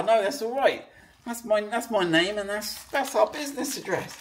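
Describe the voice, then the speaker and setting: A man's voice: sits high, animated, normal speed, a little hiss or hum. A man running a car business, explaining in a chatty, rambling, playful way. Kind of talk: casual explainer video.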